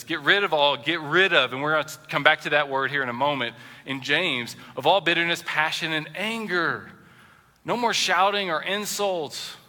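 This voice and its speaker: Man, pastor, sermon, somewhat high voice, very bright and forceful, echoing church hall. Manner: animated, acts out quoted voices, swings loud and soft. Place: church sanctuary. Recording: long hall reverb.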